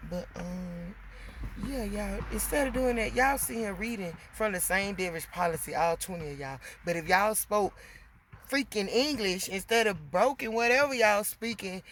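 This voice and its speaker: A woman venting in a casual monologue to her viewers, animated and emotional, getting loud as she talks. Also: mid-range voice, slight background noise. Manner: gets loud when emotional.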